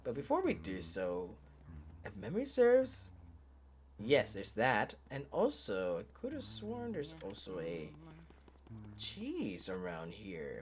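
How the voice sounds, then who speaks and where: A man's voice: fairly low pitch, huge pitch swings, slow, a little hiss or hum. A man giving casual gameplay commentary, rambling, swearing and laughing as he plays. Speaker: let's play host.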